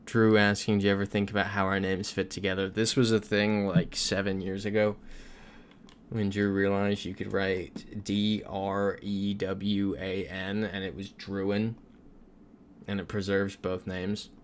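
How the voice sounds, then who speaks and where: A man's voice: low-pitched, monotone, a little slow, a little hiss or hum. A young man from Florida, chatting casually on a livestream while he plays, reading out viewer comments and laughing often. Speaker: streamer.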